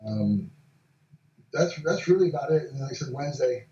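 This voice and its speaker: A man, a film director guest, answering interview questions politely with halting repeats. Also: mid-range voice, animated, warm tone. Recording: distant, echoey, dull remote line.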